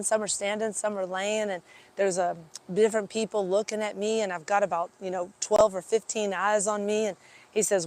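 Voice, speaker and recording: A woman with a blended Kentucky and Texas accent, telling a rambling story as an animal chiropractor, full of fillers and restarts. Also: mid-range voice. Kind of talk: casual storytelling vlog. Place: outdoors at fairgrounds.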